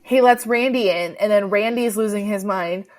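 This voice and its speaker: A woman's voice: mid-range voice, normal speed. Chatty woman recapping a film. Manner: animated storytelling, acts out quotes. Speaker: podcast co-host. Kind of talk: casual chat recapping a film.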